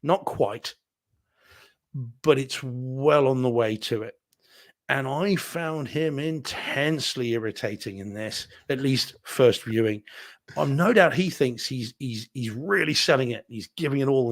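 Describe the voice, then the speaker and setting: A man's voice: medium pitch, unhurried. Candid man reviewing films. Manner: candid, self-deprecating, rambling with restarts. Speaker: podcast co-host reviewing movies. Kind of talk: casual live-stream chat.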